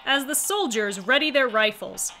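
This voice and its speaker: A woman's voice: a little high, expressive, normal speed, pushed and bright, faint music behind. A woman streamer reading a visual novel aloud, with wry, chatty asides in between. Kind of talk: casual reading with commentary.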